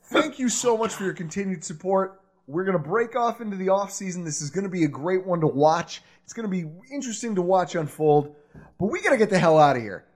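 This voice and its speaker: A man with a high, husky voice runs a loose sports podcast chat. His pitch swings widely as he rants, laughs and throws in curses. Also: brisk. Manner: animated, laughs a lot, swears freely. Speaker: podcast host.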